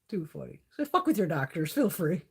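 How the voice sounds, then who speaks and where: A woman's voice: fairly low pitch, sing-song, moderate pace, creaky, a little mellow, slightly rough. A woman hosting a casual beauty livestream from her phone, telling stories full of swearing and laughter. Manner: profane, laughing storyteller.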